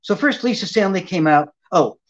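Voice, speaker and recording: A man's voice: sits high, moderate pace. An older man, a ventriloquist guest, telling a long anecdote in an interview and acting out the people in it. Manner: animated anecdote teller, acting out quoted voices. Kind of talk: storytelling interview chat. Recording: dull lo-fi audio.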